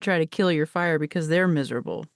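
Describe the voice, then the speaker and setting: A woman hosts a podcast interview, asking questions and giving short, encouraging reactions. Her voice sits slightly low, and the recording sounds close and dry. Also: fast talker, no room sound. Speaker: podcast host.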